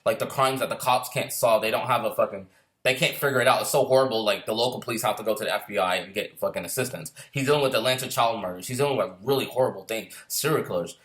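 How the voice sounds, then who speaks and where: A middle-aged screenwriter and former Marine tells stories in casual conversation, rambling, swearing freely, and often restarting his sentences. His voice is fairly low and fairly bright, and he talks fast.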